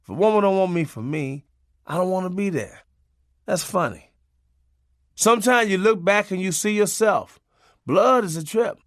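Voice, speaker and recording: An audiobook narrator reads a comic memoir in a loose, profane, conversational style, laughing along the way. His voice is high and animated, with a moderate pace and frequent pauses, recorded in clean studio sound with no echo.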